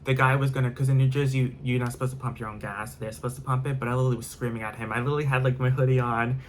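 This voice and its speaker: A man's voice: medium pitch, fairly even intonation, rapid-fire, slight background noise. A man telling a storytime vlog in a rambling way, full of fillers and repetition, with casual swearing. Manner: rambling, filler-heavy, repeats himself, swears. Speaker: vlogger.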